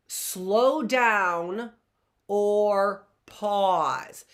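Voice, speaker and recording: A woman's voice: medium pitch, fairly bright tone. A middle-aged woman teaching a grammar lesson in a chatty way, often checking in with "right?" and laughing at herself.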